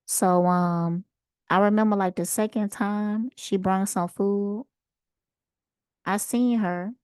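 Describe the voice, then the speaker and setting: A woman host casually telling a personal story in an unhurried, animated way. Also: medium pitch, smooth, no room sound, studio quality. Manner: unhurried, conversational, animated retelling. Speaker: channel host.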